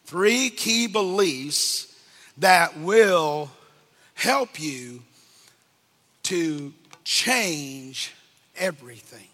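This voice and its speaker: A man preaching a sermon from the pulpit, calling out questions to the congregation and rising to shouts. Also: on the high side, lively intonation, drawn-out words, pauses often, long reverb tail. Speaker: pastor. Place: church sanctuary.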